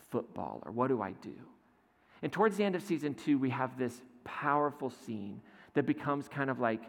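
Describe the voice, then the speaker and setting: Man preaching a storytelling sermon. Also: mid-range voice. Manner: animated storytelling, retelling a scene with quoted lines. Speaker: pastor. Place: church. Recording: echoey hall with faint music.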